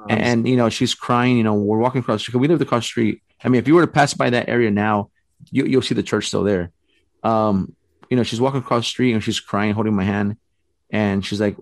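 Low-voiced man telling a rambling story. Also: brisk, dry recording. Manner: rambling, animated storytelling with many fillers. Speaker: storyteller guest. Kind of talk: casual chat.

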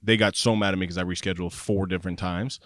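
A man's voice: low-pitched, fast, dry recording. Laid-back man with a dry close sound. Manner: relaxed, laughs easily, says "yo" and "dude". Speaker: podcast co-host. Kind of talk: casual chat.

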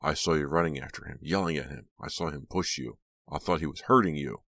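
A man's voice: rumbling low, brisk, fairly bright tone, no room sound, full character voice. A man voicing a big teenage boy in a storybook, out of breath and earnest. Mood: breathless earnest.

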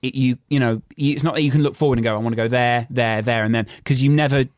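Young Geordie podcast host, lively anecdote teller, dry close sound, mid-pitched voice. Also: male voice, fast talker, no room sound. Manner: animated storytelling, acts out both sides of an argument. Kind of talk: casual chat.

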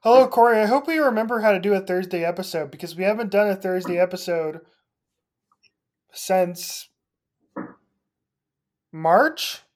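A co-host of a casual sports podcast, easygoing and amused, laughing along. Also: male voice, sits high, normal speed, pauses often, a little mellow. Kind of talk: casual chat.

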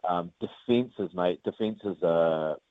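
A man's voice: deep voice, takes it slowly. A man with a New Zealand accent, a rugby player chatting casually in an interview, rambling with plenty of ums. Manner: relaxed, rambling, lots of ums and uhs. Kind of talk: casual interview over the phone. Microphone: phone. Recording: tinny dry phone line.

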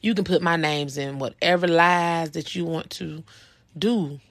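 A woman's voice: sits low, measured pace, dry recording. A woman in her thirties hosting a personal podcast, telling a story in a blunt, profane, heated way. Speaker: podcast host.

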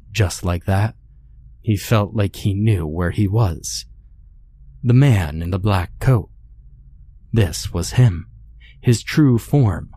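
A man narrating a scripted horror story in a measured, ominous way. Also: low-pitched, mellow.

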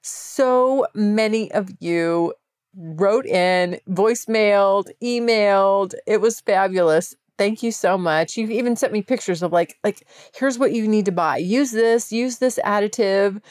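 Woman, podcast host, chatty and frank, mid-pitched voice, close dry mic. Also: measured pace, darkish tone, no room sound. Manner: chatty and candid, with laughs and swearing. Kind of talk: casual solo podcast monologue.

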